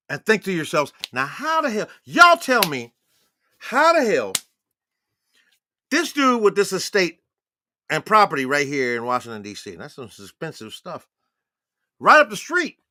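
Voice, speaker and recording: A man's voice: high-pitched, bright, forceful tone, no echo, clean studio sound. A man in his sixties giving a rambling, profane livestream monologue with laughing asides. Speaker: livestream host. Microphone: phone or webcam on a live stream.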